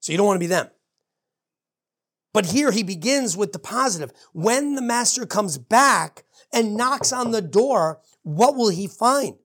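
A woman pastor delivers a sermon in a relaxed, conversational way, often breaking off to restart or add an aside. Her voice is husky and a little breathy, set at an ordinary middle pitch. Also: a little slow. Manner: informal, with frequent asides and restarts.

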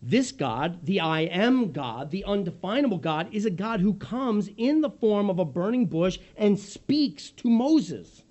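A man delivers a sermon in a high, lively voice that climbs and falls all over. He swings from loud emphasis to hushed, near-whispered lines. The recording is dull and lo-fi. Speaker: pastor.

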